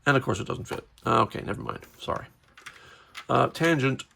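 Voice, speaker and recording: A man's voice: medium pitch, animated, normal speed, creaky, sharp tone, slight background noise. A man giving chatty, rambling commentary while unboxing toys, often correcting himself mid-sentence. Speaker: toy reviewer.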